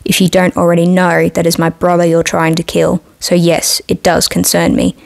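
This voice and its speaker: A commanding, sardonic witch from a storybook, voiced by a woman reading. She speaks low and gravelly with a fairly flat line, dry and close to the mic. Her threats come out calm and firm. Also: normal speed. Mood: threatening.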